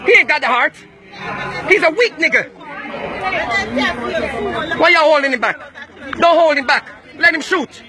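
A man from Jamaica, loudly accusing and taunting people in a heated street confrontation. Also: very high-pitched, a little slow, long pauses. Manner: loud, accusing, repetitive taunting. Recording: noisy crowd around, outdoors.

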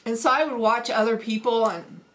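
A woman's voice: a little high, steady tone, normal speed, fairly bright tone. Folksy Midwestern woman chatting. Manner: chatty, folksy, frequent ums and laughs. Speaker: homesteading vlogger. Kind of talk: casual accent challenge chat.

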